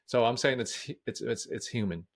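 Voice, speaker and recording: A man's voice: mid-range voice, fairly quick, vocal fry. A man who is a public speaking coach, speaking as a guest in a casual interview in a frank, direct way. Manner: frank, direct, matter-of-fact.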